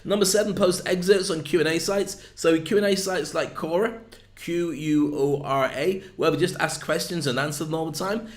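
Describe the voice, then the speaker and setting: A man's voice: on the high side, steady tone, moderate pace, echoey room. A man with a northern English accent, giving a chatty, jokey video lesson on content marketing. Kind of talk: casual video lesson to camera.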